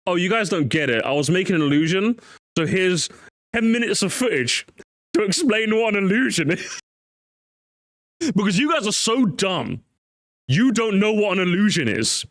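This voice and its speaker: High-voiced streamer guy, swings all over the place, laughs at everything, dry mic. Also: brisk, dry recording. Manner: animated, mocking, laughs often. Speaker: streamer reacting to clips. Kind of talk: live-stream commentary.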